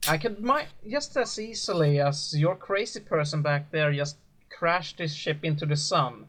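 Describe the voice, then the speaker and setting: A man voicing a woman's brain living inside a spaceship, halting and hesitant. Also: fairly high pitch, fairly bright tone. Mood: shy.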